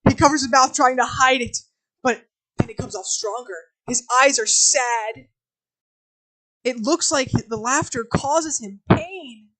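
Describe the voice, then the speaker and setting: A woman's voice: high-pitched, unhurried, rough recording. Flustered woman streamer reading a script aloud. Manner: flat script reading broken by flustered asides to chat. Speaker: live streamer. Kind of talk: live-streamed script reading with chat banter.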